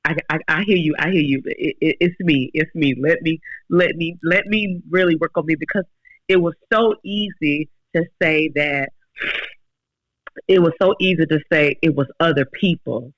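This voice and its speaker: A woman's voice: low voice, moderate pace, no room sound, muffled recording. A woman in her forties, a podcast guest, telling her faith story earnestly with many restarts. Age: 40s. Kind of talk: casual faith talk.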